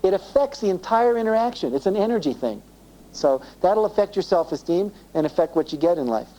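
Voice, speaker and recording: Man, seminar speaker, mellow voice, acts out conversations, asks the audience questions, old cassette tape recording. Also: sits high, lively intonation, a little fast, low-quality recording. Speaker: self-esteem seminar speaker. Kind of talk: live seminar talk to an audience.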